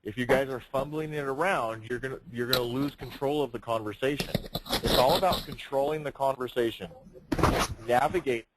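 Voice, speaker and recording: A man's voice: mid-range voice, a little fast. A man leading a sales training session, speaking emphatically, projecting his voice and firing rhetorical questions. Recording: noisy room recording.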